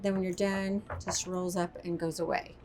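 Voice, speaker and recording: A woman's voice: lowish voice, little pitch movement, moderate pace, darkish tone. A woman presenting a walk-through tour inside a motorhome, upbeat and chatty like an enthusiastic salesperson. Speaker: RV sales expert giving a tour.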